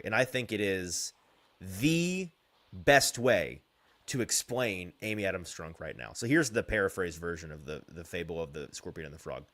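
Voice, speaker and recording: A man hosting a sports talk show, reading out fan comments and ranting in an animated way with frequent chuckles. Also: low-pitched. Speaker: sports podcast host.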